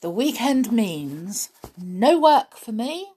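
A woman's voice: a little high, sing-song, slow, dark tone, husky. A woman chatting playfully to listeners before reading a children's story aloud as a parent. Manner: playful, chatty, laughs often. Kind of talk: casual chat and storybook reading.

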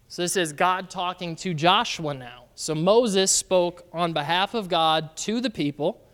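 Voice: medium pitch, a bit bright, clean tone. Conversational pastor in a reverberant church. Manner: conversational, calls out questions to the congregation. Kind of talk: sermon. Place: church sanctuary. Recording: long reverb of a large church hall.

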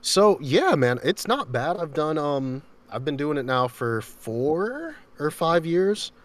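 A man's voice: a little high, sing-song, slow. A man, a voice actor, chatting casually and laughing often over a video call. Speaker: voice actor guest. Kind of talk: casual chat.

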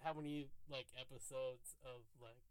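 A man's voice: medium pitch, little pitch movement, moderate pace, clear, resonant tone, poor audio. A man co-hosting a podcast, chatting casually about a TV episode in a laid-back way, full of "like". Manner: laid-back, heavy on 'like'. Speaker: podcast co-host. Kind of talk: casual TV recap chat.

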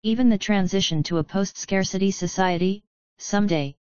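A woman's voice: medium pitch, moderate pace, darkish tone, smooth, no echo, highs cut off, natural voice. A woman voicing an earnest young wizard who eagerly explains his plans.

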